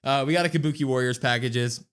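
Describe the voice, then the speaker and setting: Animated man recapping wrestling. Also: mid-range voice, quick pace, clear, resonant tone. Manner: animated recapping, acts out quotes. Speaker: podcast co-host. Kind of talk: casual wrestling review chat.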